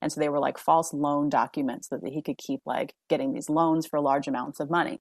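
A woman's voice: low voice, brisk, gravelly, dry recording, clean studio sound. A woman hosting a podcast, talking casually and animatedly with a guest, peppering her speech with "like" and laughs. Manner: chatty, animated, frequent laughs and "like". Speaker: podcast host. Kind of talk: casual chat.

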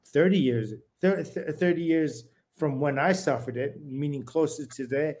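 A man's voice: on the high side, moderate pace, darkish tone. A man, a former fighter co-hosting a boxing podcast, explaining things at length in loose, restarting sentences. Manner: rambling explanations with many fillers and restarts. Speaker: podcast co-host, former boxer. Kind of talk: casual boxing chat.

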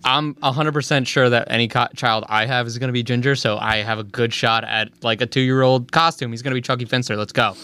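A young man co-hosts a podcast, telling stories in a rambling way. He leans on fillers and swears casually. His voice sits at an ordinary pitch for a man. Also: steady tone, a little fast, few pauses, bright, forceful tone, smooth, no room sound. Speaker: podcast co-host. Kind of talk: casual chat.

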